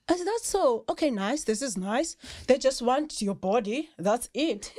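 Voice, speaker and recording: A South African woman, a rugby player guesting on a podcast, telling lively stories and often breaking into laughter. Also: sits high, unhurried, hardly any pauses, dry recording, studio quality. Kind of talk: casual storytelling chat.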